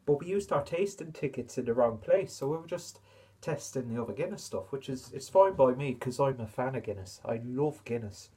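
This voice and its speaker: A man talking in a deliberately put-on Irish accent, chatting in a rambling, self-mocking way as he hosts a casual beer review vlog. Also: medium pitch, expressive, warm tone, slightly rough.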